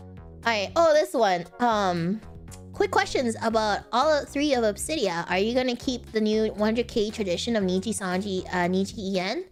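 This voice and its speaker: Giggly young woman rambling on stream. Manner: rambling, giggly, bursts into high laughter. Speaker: virtual streamer. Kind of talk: casual Q&A stream chat.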